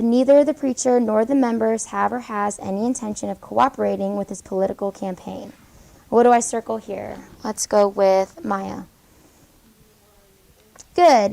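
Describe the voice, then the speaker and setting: A woman teaching a high school English class, brisk and encouraging, questioning students as she goes. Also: creaky, low-quality recording. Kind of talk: classroom lesson.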